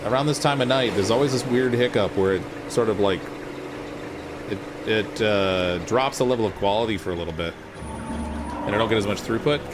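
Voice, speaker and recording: A man's voice: fairly low pitch, brisk, noisy background. A man casually commenting on his gameplay live, chatty and rambling, poking fun at himself. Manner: chatty, rambling, self-deprecating. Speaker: gaming streamer. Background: loud game music.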